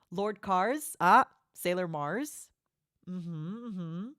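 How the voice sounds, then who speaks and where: A woman's voice: lowish voice, animated, drawn-out words, fairly bright tone, dry recording, clean studio sound. A woman streamer hosting a watchalong in casual livestream chat, playful and affectionate, calling her viewers honey.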